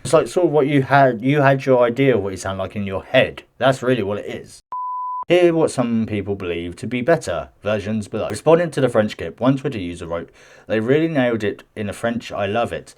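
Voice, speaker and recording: A man's voice: mid-range voice, lively intonation, fairly quick, a little mellow. A man hosting a gaming news vlog, reading an article aloud with chatty, defensive asides and frequent stumbles. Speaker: gaming news channel host. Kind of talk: casual commentary mixed with reading news aloud.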